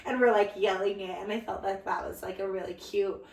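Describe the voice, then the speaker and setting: A woman's voice: mid-range voice, flat delivery, brisk, gravelly, distant mic. A young woman co-hosting a podcast, telling a story in a gushing, casual way with lots of fillers. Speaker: podcast co-host. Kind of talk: casual chat. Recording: echoey room, voice a bit off-mic.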